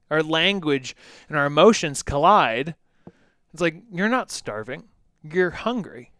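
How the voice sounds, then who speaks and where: A man co-hosting a casual fitness podcast as a coach, talking animatedly and acting out quotes in lively voices. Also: fairly high pitch, unhurried, no room sound, studio quality.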